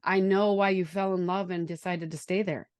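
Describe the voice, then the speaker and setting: A woman's voice: fairly low pitch, steady tone, moderate pace, darkish tone, clean tone, dry recording, clean studio sound. A woman with a Wisconsin accent hosting a podcast, chatty and enthusiastic as she talks tips and interviews a guest. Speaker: podcast host.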